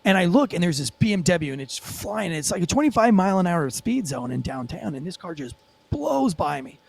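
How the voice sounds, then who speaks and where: A man, a former police officer, telling a story as a guest in a casual podcast interview, animated and profane with lots of fillers. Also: high voice, fairly quick, vocal fry, husky, dry recording.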